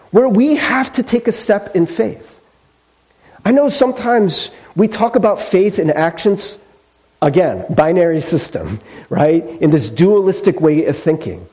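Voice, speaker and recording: Guy pastor telling stories in a sermon, high-ish voice that jumps around a lot, chatty. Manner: conversational, animated storytelling with fillers.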